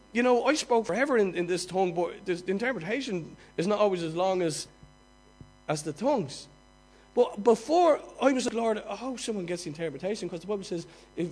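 A man with a Dublin accent preaching a sermon, moving from quiet, conversational asides to loud, mocking outbursts. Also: sits high, husky, poor audio. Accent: Dublin Irish. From Dublin, Ireland.

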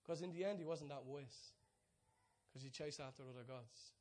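A man preaching a sermon, telling stories with many restarts, dropping to hushed asides and rising to excited peaks. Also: medium pitch, moderate pace. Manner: storytelling, swings from soft hushed asides to loud excited peaks.

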